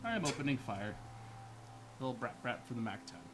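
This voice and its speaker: A young man in casual tabletop game chat, blunt and dry-witted. His pitch moves widely from line to line, and a faint hiss runs under the recording. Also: big pitch swings, a little fast. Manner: blunt, sardonic. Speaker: player.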